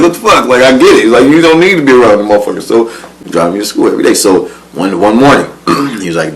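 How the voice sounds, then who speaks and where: Animated low-voiced man telling a story. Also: fast, few pauses, slight background noise, poor audio. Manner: animated, profane, laughs often, mimics voices in quotes. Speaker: guest telling his life story. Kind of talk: casual storytelling.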